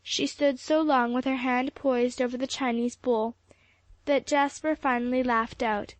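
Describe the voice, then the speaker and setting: Female storybook narrator, steady read; a fairly high voice, dry booth sound. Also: unhurried, no echo. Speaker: audiobook narrator. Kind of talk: scripted narration.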